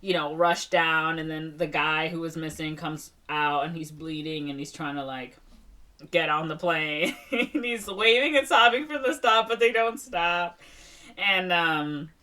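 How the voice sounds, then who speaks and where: A woman's voice: deep voice, measured pace, sharp tone, far from the mic. Rambling woman recapping a movie, off-mic. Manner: rambling, filler-heavy retelling with many "like" and "um". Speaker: podcast co-host.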